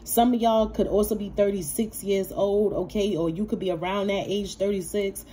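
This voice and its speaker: A woman's voice: medium pitch, moderate pace, slight background noise. A woman doing a casual tarot reading for her viewers, cursing freely, laughing often and calling them baby. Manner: profane, animated, laughs often, calls viewers baby and child. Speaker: tarot reader.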